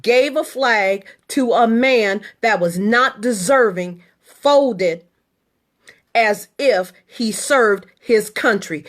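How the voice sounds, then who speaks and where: A middle-aged woman and military veteran, her voice on the high side, delivers an indignant political monologue to the camera through short, emphatic, repeated statements.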